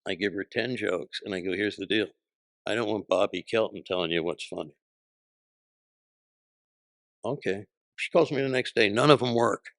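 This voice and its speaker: A man's voice: on the low side, normal speed, pauses often, a bit bright, no room sound. An older man, a comedian guest, telling punchy, profane anecdotes and acting out voices in an interview. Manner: punchy, profane, acts out voices in his stories.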